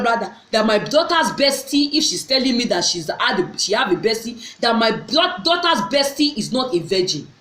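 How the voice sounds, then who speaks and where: A middle-aged woman speaks to her viewers in a fairly high voice, telling a personal story. She is earnest and often circles back to repeat or restart a phrase. The room around her is echoey. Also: fairly bright tone. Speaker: vlogger.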